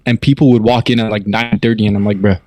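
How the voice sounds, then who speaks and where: A man's voice: lowish voice, little pitch movement, fast, crowd noise. A young man in casual chat, ranting with slang and swearing. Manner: slangy, swearing, complaining in a rant.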